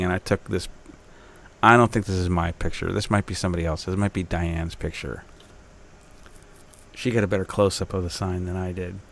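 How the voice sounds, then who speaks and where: A man hosting his own podcast, telling a local story in a rambling, self-interrupting way, with an Upstate New York accent. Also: lowish voice. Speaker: podcast host. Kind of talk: casual monologue.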